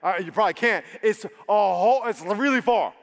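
A man preaching a sermon, moving from quiet storytelling to emphatic, shouted exhortation and leading his congregation in call-and-response. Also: high voice, animated, fairly quick, in a large hall. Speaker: pastor.

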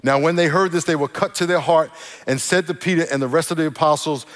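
A man with a fairly high voice preaches a lively sermon, joking and calling on the congregation to repeat after him. His voice rings with the long reverb of a church hall. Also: brisk. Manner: energetic, joking, leads congregation call-and-response. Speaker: pastor. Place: church auditorium.

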